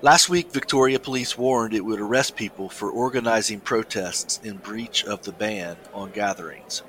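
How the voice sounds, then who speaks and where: A man's voice: fairly low pitch, fairly bright tone, low-quality recording. A man co-hosting a casual talk show, chatting with many restarts and reading a news story aloud. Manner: halting, many restarts and fillers. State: coughing, something in windpipe. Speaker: podcast co-host.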